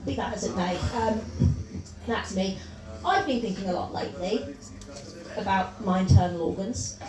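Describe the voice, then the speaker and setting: A woman doing a stand-up comedy set in a pub, chatty and self-mocking, with quick asides. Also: mid-range voice, over a noisy crowd. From Wales. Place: pub comedy gig with a live audience. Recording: roomy live mic from a distance, audience laughter.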